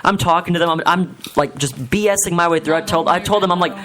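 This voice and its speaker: A man's voice: fairly high pitch, fast talker, hardly any pauses, a bit bright. A young man in his twenties telling a rambling, self-deprecating story on a talk radio show. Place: radio studio with other hosts.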